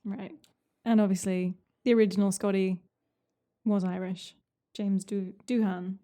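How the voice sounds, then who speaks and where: A woman co-hosting a podcast in casual chat, chiming in with quick interjections and agreeing replies. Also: mid-range voice, flat delivery, warm tone. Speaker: podcast co-host.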